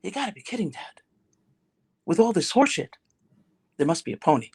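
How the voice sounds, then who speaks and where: A woman voicing a relentlessly optimistic young boy who whoops and shouts with delight, told as a spoken story. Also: fairly low pitch, sing-song, brisk, slightly rough, heavily acted. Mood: sincere.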